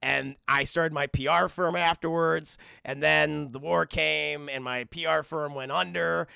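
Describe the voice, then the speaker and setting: A man voicing a nervous, smooth-talking male army PR officer who stammers and pleads quickly. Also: a little high, fairly even intonation, pushed and bright, no room sound, studio quality, full character voice. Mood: nervous pleading.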